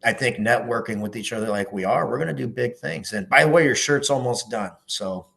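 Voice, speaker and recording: A man's voice: medium pitch, brisk, creaky, noisy background. A middle-aged man, a former police officer, talking in a casual podcast interview, earnest and emphatic, swearing freely.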